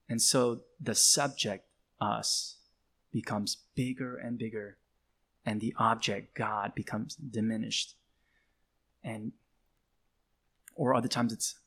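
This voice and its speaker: A man preaching from the pulpit with a mid-range voice. He leans on key phrases and repeats them slowly and deliberately. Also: medium pitch, steady tone, breathy edge. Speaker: pastor. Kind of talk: sermon.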